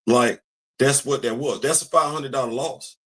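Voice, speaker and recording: A man hosting a commentary channel, talking in a casual, animated way, repeating phrases and answering himself with call-and-response. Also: mid-range voice, normal speed.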